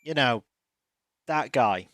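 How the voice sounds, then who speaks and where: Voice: medium pitch, animated, slow, fairly bright tone. A streamer giving casual, joking commentary while playing a game. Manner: dry, joking asides.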